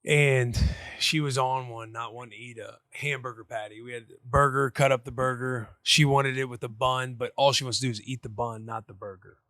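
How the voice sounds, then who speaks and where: A man in his thirties, co-hosting a casual chat and telling a lively story about his young daughter, acting out both sides. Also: mid-range voice, a little fast, few pauses, no echo, studio quality. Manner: excitable, acts out his daughter and himself in quotes. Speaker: podcast co-host, former football player.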